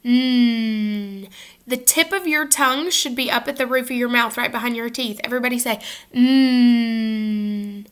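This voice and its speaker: A woman teaches a children's phonics lesson to the camera in a high, bright voice. She is upbeat and slows down to model each sound clearly for the kids to repeat. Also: steady tone. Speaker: first grade teacher. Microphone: facing camera at close range.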